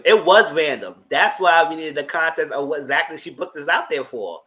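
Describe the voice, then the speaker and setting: Sassy guy in riffing to his viewers, bright voice, pitch jumping all over. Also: brisk, few pauses. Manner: animated, sassy, laughs often. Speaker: host. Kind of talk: casual commentary chat.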